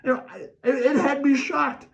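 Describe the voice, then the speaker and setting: A middle-aged man hosting a fan rant, animated and talking about himself in the third person. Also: very high voice, normal speed, vocal fry. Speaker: podcast host ranting as a sports fan. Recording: distant mic, dull lo-fi sound.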